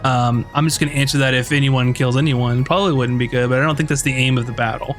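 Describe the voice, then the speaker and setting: A man narrating as game master in a tabletop game, in a relaxed, chatty way with many fillers. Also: medium pitch, fast, soft background music.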